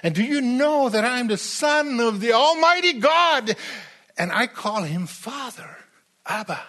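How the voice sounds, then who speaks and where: A man voicing Jesus as a calm, gentle figure who speaks in an intimate, pleading way within a sermon. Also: high-pitched, slow pace, breathy edge, voice pushed up, exaggerated voice. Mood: inviting.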